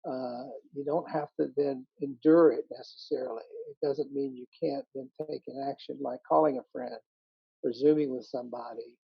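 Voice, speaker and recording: A man giving a calm, measured dharma talk as a meditation teacher over a video call. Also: medium pitch, vocal fry, husky, dry recording. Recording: muffled video call audio.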